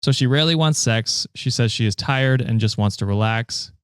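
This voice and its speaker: A man's voice: medium pitch, normal speed, clear, resonant tone, dry recording, clean studio sound. A man hosting a podcast, reading a story post aloud between casual chat and frequent laughter. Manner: laughs often, reads posts aloud. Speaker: podcast host reading stories.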